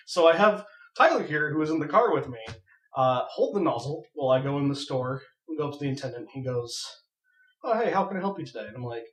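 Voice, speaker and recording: A young man casually telling a funny story on a podcast, animated and laughing as he goes. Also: medium pitch, a little fast. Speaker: podcast co-host. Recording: echoey room, far from mic.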